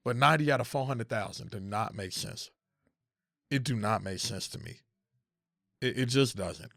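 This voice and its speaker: Young man, content creator, venting hard and cursing, dry close mic, mid pitch. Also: moderate pace, creaky, no room sound. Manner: heated, profane, repeats phrases, rising to near shouting. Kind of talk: emotional casual rant.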